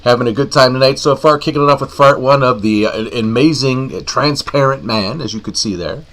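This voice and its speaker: A man's voice: medium pitch, a little fast. A male horror movie host joking through live-stream banter. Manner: jokey, playful, lively asides.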